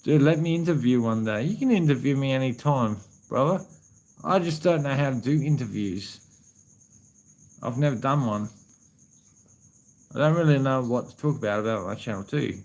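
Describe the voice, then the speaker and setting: Australian live-streamer, a man in the middle pitch range, loose and profane, addresses chat as brother. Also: expressive, moderate pace, pauses often, a little mellow, rough recording. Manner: profane, rambling, calls viewers man and brother.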